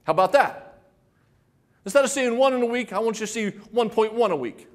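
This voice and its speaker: In a very high-pitched voice, a little fast, an older man delivers a motivational sales keynote. He brings stories to life by acting out quoted voices and keeps hitting the crowd with rhetorical questions.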